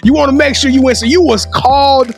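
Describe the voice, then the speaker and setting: Playful high-voiced man hosting an interview. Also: fairly quick, vocal fry, soft background music. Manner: playful, lively, Southern slang like "y'all". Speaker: interview host. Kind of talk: casual interview chat.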